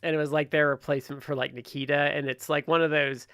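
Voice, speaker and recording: A man co-hosting a wrestling podcast, chatting casually with quick asides that trail off mid-sentence. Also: on the high side, little pitch movement, a bit bright, dry recording, clean studio sound. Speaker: podcast co-host. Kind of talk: casual chat.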